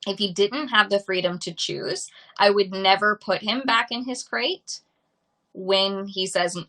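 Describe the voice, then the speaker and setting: A woman's voice: mid-range voice, a little slow, bright, forceful tone, rough recording. A woman dog trainer on a live stream, talking through viewer questions and repeating simple examples to explain her point.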